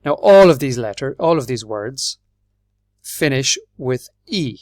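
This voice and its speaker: Man, Irish accent, English teacher, slow careful delivery, spells letters aloud, dry room. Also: mid-range voice, lively intonation, a little mellow, no echo. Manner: patient, spells words out letter by letter. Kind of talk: slow, clear classroom explanation.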